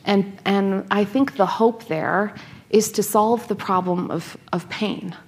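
A woman in her thirties from North America, a scholar and author telling stories in an interview, animated, laughing and restarting her sentences often. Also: medium pitch, slow pace. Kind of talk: conversational interview.

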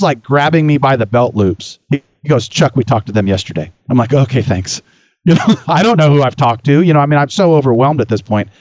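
A man's voice: fairly high pitch, darkish tone, no echo. Rambling man telling a story on his talk show. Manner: rambling, repeats words, swears freely. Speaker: podcast host. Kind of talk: casual storytelling. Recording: slightly dull dry recording.

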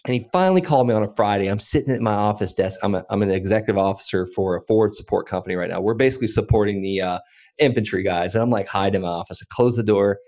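A man in his thirties with a lowish voice recounts his story as a podcast guest. He talks quickly and loosely, full of fillers and asides. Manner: animated, quick anecdotal telling with many fillers. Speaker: podcast guest, land investor. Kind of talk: casual storytelling in an interview.

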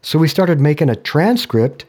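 Lively storytelling man. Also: a little high, moderate pace, slightly rough. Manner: lively storyteller, voices others' quotes. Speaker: podcast creator and guest. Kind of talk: casual interview talk, storytelling.

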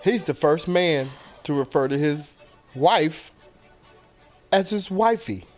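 A man's voice: on the high side, lively intonation, slow pace, soft background music. A man co-hosting a comedy podcast, reading out joke facts in casual banter. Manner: reads out items, playful. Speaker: podcast co-host.

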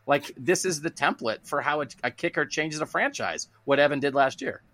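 A man's voice: a little high, moderate pace, few pauses, pushed and bright, dry recording. A man in his twenties hosting a casual sports panel, moderating with a joking tone. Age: 20s. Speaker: panel host.

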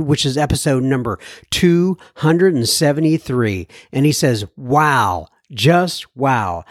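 A man's voice: on the high side, a little mellow, no room sound, clean studio sound. Chatty laughing male podcast host. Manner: chatty, laughs often, plays with a put-on French accent. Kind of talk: casual podcast talk and listener mail reading.

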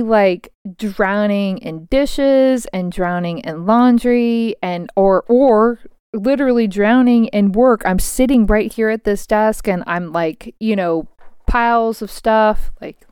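A woman's voice: on the high side, a little mellow, clean tone, no room sound, clean studio sound. A woman in her thirties talking frankly at her home desk, venting in a casual solo monologue and swearing freely.

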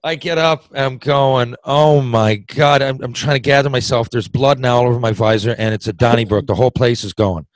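A man's voice: medium pitch, fairly even intonation, fast talker, few pauses, no room sound, poor audio. A man from Newfoundland with a Newfoundland accent, a podcast guest telling a long hockey story, rambling and restarting his sentences and swearing casually. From Newfoundland, Canada. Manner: rambling, self-interrupting storyteller who swears and laughs easily.

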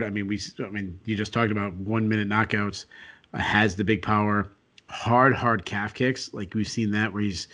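A man's voice: fairly low pitch, fairly bright tone. A man co-hosting a sports podcast late at night, sounding sleepy and giving casual, rambling fight analysis full of restarts. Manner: rambling, filler-heavy, frequent restarts. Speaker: co-host and analyst.

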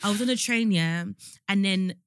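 A young woman with a youthful, girlish-sounding voice, co-hosting a podcast in calm, animated casual chat. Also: medium pitch, moderate pace, smooth, dry recording, studio quality. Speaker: podcast co-host.

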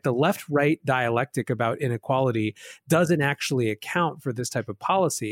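A man hosting a podcast, answering in a measured, thoughtful way with a few restarts. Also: mid-range voice, no echo, studio quality. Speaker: podcast host. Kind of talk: casual podcast conversation.

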